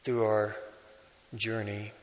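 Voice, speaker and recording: Slow-preaching priest, man, long church reverb. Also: on the low side, monotone. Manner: slow, measured preaching with pauses. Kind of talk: sermon.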